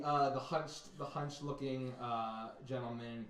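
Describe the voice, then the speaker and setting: A man narrating a tabletop game as game master, describing scenes with many pauses and fillers. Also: mid-range voice. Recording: roomy, distant mic.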